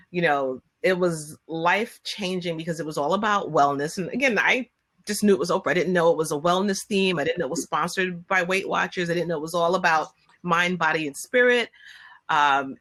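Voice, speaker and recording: A woman chatting on a video call, telling a personal story at length. Her voice sits on the lower side. She gets animated and acts out quotes with sudden high-pitched bursts. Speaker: guest. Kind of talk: casual storytelling.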